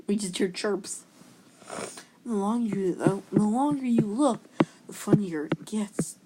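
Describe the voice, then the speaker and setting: A woman's voice: mid-range voice, measured pace, long pauses, noisy background. A woman casually reading memes aloud, giggly and playful, slipping into silly voices. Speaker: meme reaction video maker. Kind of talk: casual meme reading commentary.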